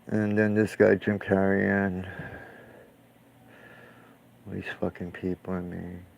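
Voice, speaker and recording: A man's voice: low-pitched, flat delivery, slow, creaky, darkish tone, a little hiss or hum, poor audio. A man who paints, ranting in casual, profane, scornful commentary while reacting to clips.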